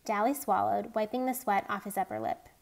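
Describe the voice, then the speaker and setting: A woman reading a novel aloud in a steady, plain storytelling manner. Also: mid-range voice, fairly quick, gravelly. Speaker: reader.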